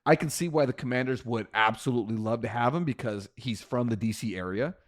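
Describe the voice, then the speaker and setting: A man co-hosting a casual sports talk show, animated and quick to jump into high exclamations. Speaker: podcast co-host.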